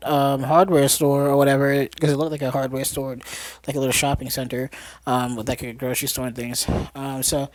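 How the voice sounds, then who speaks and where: A podcast host retells a film casually, wandering through the plot with lots of fillers and self-corrections. The voice sits mid-range with a plain, even tone, recorded dry and close with no room sound. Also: mid-range voice, dry recording. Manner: rambling, lots of fillers and restarts, laughs while talking. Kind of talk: casual movie recap.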